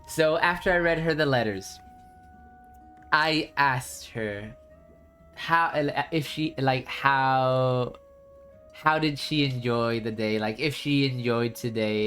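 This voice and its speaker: A man streamer chatting casually with his viewers, telling a long story in a rambling, animated way full of restarts. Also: mid-range voice.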